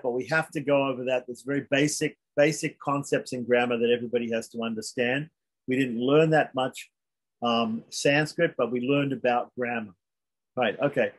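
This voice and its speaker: Husky man teaching a relaxed lesson. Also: mid-range voice, poor audio. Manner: relaxed, reassuring, repeats and restarts often. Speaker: Sanskrit teacher. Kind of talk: informal online lesson.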